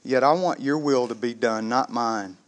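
A man preaching a sermon, conversational and animated, calling the congregation "gang" and asking them questions. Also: mid-range voice, moderate pace. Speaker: pastor.

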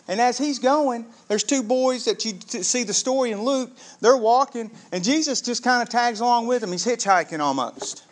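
High-voiced pastor preaching with animation. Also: male voice, normal speed. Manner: animated storytelling, acting out biblical characters. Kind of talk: sermon.

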